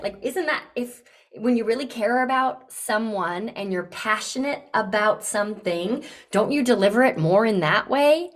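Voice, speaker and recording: A woman coaching a client live on a podcast, encouraging and direct, acting out lively examples. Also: fairly high pitch, normal speed. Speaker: business coach and podcast host.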